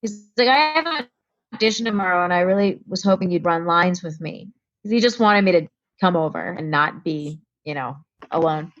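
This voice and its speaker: A woman's voice: lowish voice, fairly quick, a bit bright, dull audio. A woman from Connecticut, a comedian guest, telling a story in casual talk and acting out the voices of the people in it.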